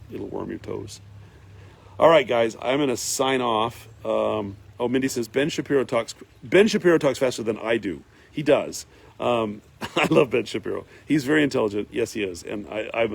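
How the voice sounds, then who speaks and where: A man's voice: fairly low pitch, creaky, darkish tone, slight background noise. A man hosting a casual live stream from his farm, reading viewer comments aloud and rambling with lots of fillers. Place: farm in Northern California.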